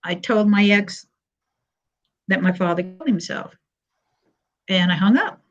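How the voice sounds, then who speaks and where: An older woman telling a personal story on a live stream, halting, with pauses and fillers and quoted dialogue. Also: mid-range voice. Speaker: panel guest sharing her story. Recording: muffled lo-fi stream audio.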